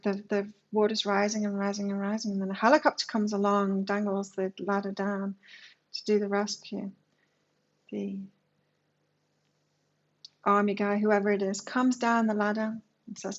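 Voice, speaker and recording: A woman's voice: medium pitch, flat delivery, normal speed, muffled recording. A woman giving a casual, chatty tarot reading to camera, musing aloud and telling stories. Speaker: tarot reader.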